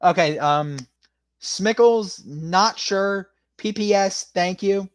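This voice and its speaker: A man's voice: sits high, slow, smooth, no echo. A man streaming casually, loosely freestyle rapping and answering chat with lots of rambling fillers.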